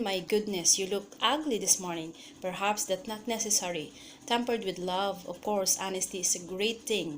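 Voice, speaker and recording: A woman's voice: mid-range voice, a little hiss or hum. Woman reciting a speech with big vocal demonstrations. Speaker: student. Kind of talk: reciting a speech for a class activity.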